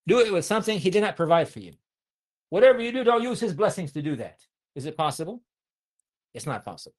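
A man with a high voice preaches to young listeners. He keeps asking them questions. He recites Arabic verses and explains each one in plain words. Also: very animated, fast talker. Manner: asks the audience many questions. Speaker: Islamic preacher.

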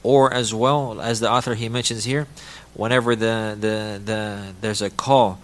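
A man's voice: fairly low pitch, steady tone, a little slow. A man teaching from a religious text, reading passages in Arabic and then translating and explaining them with many repetitions and restarts.

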